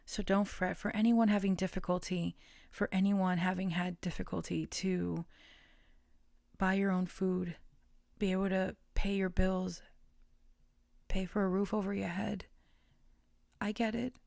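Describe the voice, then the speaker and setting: A woman giving a casual collective tarot reading, gentle and halting with many fillers, sometimes dropping into soft whispers. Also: medium pitch, little pitch movement, gravelly, dry recording, studio quality. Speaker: tarot reader.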